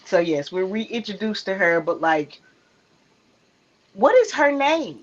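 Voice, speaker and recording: A woman's voice: medium pitch, sing-song, takes it slowly. A woman with a Southern country accent co-hosting a movie review, chatting casually and laughing a lot. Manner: giggly, laughs constantly. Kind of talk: casual chat. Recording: dull lo-fi sound.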